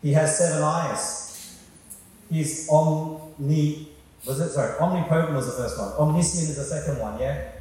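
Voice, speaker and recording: A man's voice: fairly high pitch, normal speed, a little mellow. A man preaching a sermon, talking in a conversational way and putting questions to the congregation. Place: church hall. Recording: echoey hall from far off.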